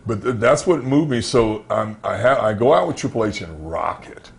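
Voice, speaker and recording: Low-voiced man telling wrestling road stories. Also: moderate pace, creaky. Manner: animated, acts out dialogue in anecdotes; frequent fillers and restarts, conversational. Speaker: former pro wrestler, interview guest. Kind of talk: storytelling shoot interview.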